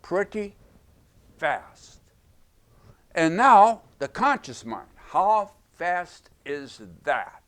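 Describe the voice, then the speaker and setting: A man's voice: high-pitched, big pitch swings, extremely slow, fairly bright tone. A man teaching in an explanatory video lecture, speaking emphatically and repeating his key phrases. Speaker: self-help teacher.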